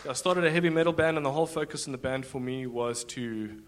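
A man telling his personal testimony in front of a church congregation, halting with many fillers and restarts. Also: mid-range voice, a little hiss or hum. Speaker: guest giving a testimony.

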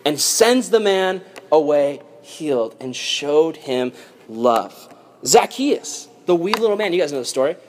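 A young adult man gives a youth sermon in a lively, chatty way. He mixes slang and jokes into his storytelling. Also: a little high, unhurried. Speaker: youth pastor.

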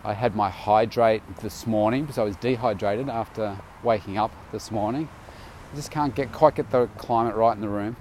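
Tired man rambling in a low voice. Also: normal speed, darkish tone, a little hiss or hum. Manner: rambling, loose, many fillers and restarts. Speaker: vlogger. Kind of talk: casual audio diary.

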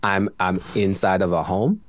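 Tired, reflective man with a low voice. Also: moderate pace, no room sound. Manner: reflective, jokey, laughs often. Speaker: podcast guest. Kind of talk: casual conversation. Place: at home. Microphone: studio microphone.

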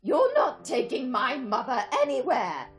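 A spoiled grown son shouting in whiny outrage, as a woman puts him on. His voice jumps high and stays loud. Faint music plays behind. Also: huge pitch swings, a little slow, exaggerated voice. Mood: indignant.

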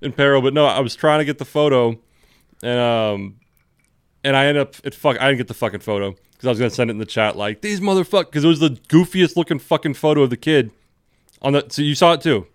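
A man's voice: mid-range voice, fast, clear, resonant tone, no echo, clean studio sound. A man from Southern California co-hosting a podcast, telling a story casually and swearing a lot. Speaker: podcast co-host. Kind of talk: casual chat.

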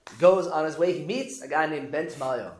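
A man hosting a casual talk, retelling a story in a lively, joking way. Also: a little high, fast, reverberant. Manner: lively, jokey retelling with acted quotes. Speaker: host. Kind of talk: casual storytelling on the weekly portion.

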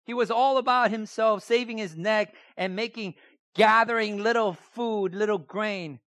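A man's voice: sits high, a little slow, a bit bright, dry recording, clean studio sound. A man preaching a sermon, emphatic and repeating key phrases, often putting rhetorical questions to his listeners. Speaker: pastor.

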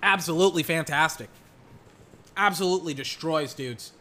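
A young man chatting about football while watching game clips, rambling and excitable, breaking into mock play-by-play calls. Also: fairly high pitch, normal speed.

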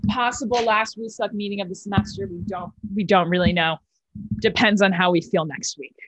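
A woman's voice: mid-range voice, a little fast, no echo, poor audio. A nineteen-year-old woman hosting a comedy club video call and doing a self-mocking stand-up bit over her laptop mic. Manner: chatty, self-mocking, exaggerated deadpan bragging. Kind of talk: casual chat and stand-up set.

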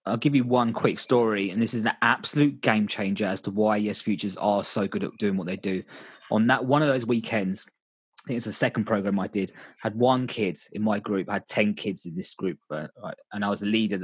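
A man's voice: on the low side, fairly quick, breathy edge, no room sound. A young man casually telling stories about coaching kids, candid and rambling, often restarting his sentences. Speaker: volunteer youth coach. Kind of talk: casual storytelling chat.

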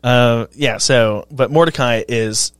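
A man, a pastor co-hosting a church podcast, talking in a relaxed, self-deprecating way. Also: mid-range voice, takes it slowly, clear, resonant tone, no echo, studio quality. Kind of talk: casual chat about sermons.

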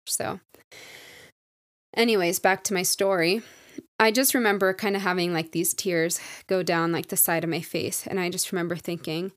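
A woman's voice: fairly low pitch, fairly even intonation, normal speed, a bit bright, no echo, clean studio sound. A woman in her twenties hosting a casual solo podcast, telling a personal story in a candid, reflective way with plenty of "like" fillers. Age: 20s. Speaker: podcast host.

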